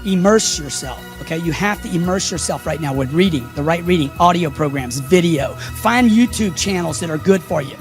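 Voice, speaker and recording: A man's voice: fairly high pitch, expressive, moderate pace, hardly any pauses, soft background music. A man giving a punchy motivational speech, firing rhetorical questions at his audience. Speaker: motivational speaker.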